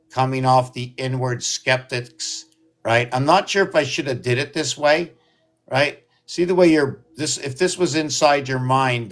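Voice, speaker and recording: Man rambling to his camera. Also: medium pitch. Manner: meandering, thinks aloud with many fillers. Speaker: video host. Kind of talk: rambling solo video talk.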